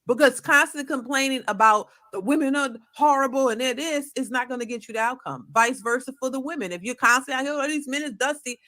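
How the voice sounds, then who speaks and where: A middle-aged woman with a fairly high voice gives earnest, preachy advice on a talk panel. She goes over the same points again and again. She has the casual tone of a streamed show. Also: fairly quick, few pauses, sharp tone. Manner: earnest, preachy, repeats herself.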